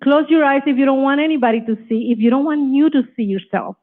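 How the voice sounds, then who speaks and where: Woman, motivational coach, high voice, tinny phone-like sound. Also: fast. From Puerto Rico. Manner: energetic, rallying, leads call-and-response affirmations. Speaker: motivational coach and chapter leader. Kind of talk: motivational open-mic speech.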